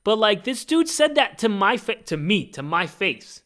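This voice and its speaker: A man hosting his own podcast, talking in an animated, rambling casual monologue full of fillers. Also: sits high, moderate pace. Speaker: podcast host.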